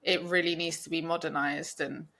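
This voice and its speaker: A woman's voice: sits low, flat delivery, normal speed, sharp tone. A young woman co-hosting a podcast, talking casually and rambling with many restarts and fillers. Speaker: podcast co-host. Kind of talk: casual chat.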